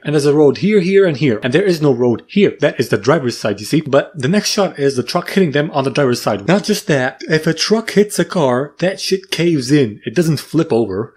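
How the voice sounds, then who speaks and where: A man's voice: a little high, a little mellow, breathy edge. A man narrating comedic movie recaps in a crude, profane, sarcastic way, often breaking into silly voices.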